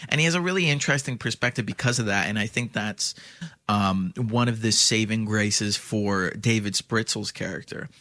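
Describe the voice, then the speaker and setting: A man's voice: on the low side, normal speed, sharp tone, no room sound, clean studio sound. A man co-hosting a podcast, talking casually about a film, blunt and sarcastic, with rambling restarts. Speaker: podcast co-host.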